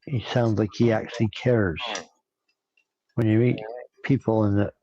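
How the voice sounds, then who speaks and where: A man hosting a podcast in rambling casual chat, giving shout-outs to listeners. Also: on the low side, flat delivery, a little slow. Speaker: podcast host. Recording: dull lo-fi sound with faint noise.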